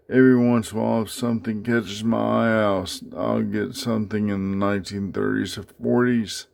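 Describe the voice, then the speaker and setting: A man casually talking through his coin collection in a home vlog, halting with many fillers as he handles each piece. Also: lowish voice, vocal fry, a little mellow. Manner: unhurried, many fillers, speaks haltingly while handling items. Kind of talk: casual show-and-tell vlog.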